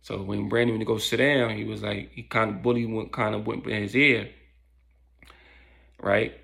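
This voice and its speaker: A man's voice: lowish voice, fairly even intonation, moderate pace, vocal fry, bright, forceful tone. A man casually telling a story in loose street slang, with lots of fillers.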